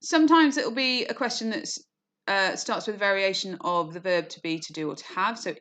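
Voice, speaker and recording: A woman teaching an online lesson, explaining clearly with frequent "okay" and "you know", and briefly acting out quoted lines. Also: medium pitch, a little fast, fairly bright tone. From England. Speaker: English teacher.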